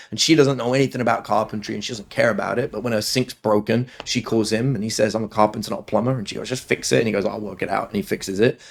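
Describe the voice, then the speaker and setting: A man, a dating coach guest on a podcast interview, telling stories with lively, acted-out quotes. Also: fairly low pitch, gravelly. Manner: animated storyteller, acts out quotes in other voices.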